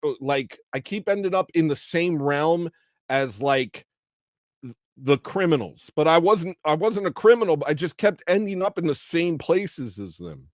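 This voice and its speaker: A man's voice: on the high side, animated, moderate pace, no echo. Chatty male podcast host. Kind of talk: casual chat.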